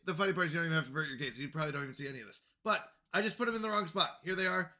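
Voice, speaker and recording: A man's voice: on the high side, very fast, hardly any pauses, sharp tone. A man livestreaming a game, talking casually to his chat in a flustered, apologetic way and repeating himself. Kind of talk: casual live gaming stream chat.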